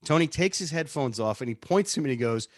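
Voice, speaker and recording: Here a man with a fairly high, expressive voice talks fast, recorded dry in a clean studio. He's a radio producer and on-air personality swapping casual stories in an interview, chatty and quick to poke fun at himself.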